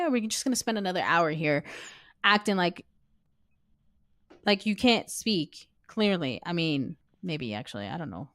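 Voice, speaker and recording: A woman's voice: fairly low pitch, sing-song, a little slow, fairly bright tone, no room sound, studio quality. Woman streamer taunting a game ghost. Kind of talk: live gameplay commentary.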